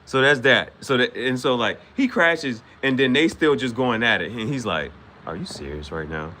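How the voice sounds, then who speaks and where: A man's voice: medium pitch, expressive, moderate pace, bright, forceful tone. A man hosting an anime reaction channel, recapping an episode in a rambling casual way, repeating himself and quoting characters in slang.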